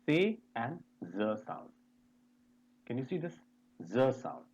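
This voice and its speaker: A male teacher leads a pronunciation webinar over a video call. He moves slowly and deliberately, and his pitch swings in a lively way as he drills each vowel and spells out words letter by letter. He keeps putting questions to the class. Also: husky, poor audio. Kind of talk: online pronunciation lesson.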